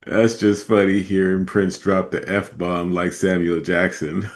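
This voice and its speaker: A man's voice: deep voice, level tone, slow pace. A man hosting a podcast, giving casual commentary with laid-back, chuckling asides. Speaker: podcast host.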